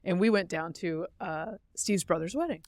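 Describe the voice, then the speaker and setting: A middle-aged woman with a somewhat low voice chats as a podcast co-host. She tells stories, laughs easily and corrects herself as she goes. The sound is close and dry, with no room around her. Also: animated, normal speed, a little mellow, no echo. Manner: chatty storyteller, laughs easily, self-correcting. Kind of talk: casual chat.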